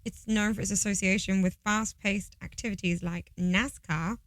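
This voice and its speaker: A woman co-hosting a podcast in casual chat, playful and quick to laugh. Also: mid-range voice, fairly even intonation, fairly bright tone, dry recording, poor audio. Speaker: podcast co-host.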